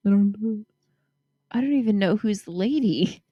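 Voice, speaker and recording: A woman's voice: medium pitch, lively intonation, slow pace, no room sound, dull audio. A drunk woman chatting casually on a podcast, giggling and rambling into a handheld mic. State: tipsy, drunk. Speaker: guest reader.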